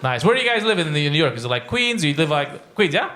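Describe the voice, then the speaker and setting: A man from Romania doing live crowd work as a stand-up comedian, teasing and rambling with quick asides. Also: on the high side, sing-song. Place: comedy club with audience. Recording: loud crowd and background noise. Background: audience laughter.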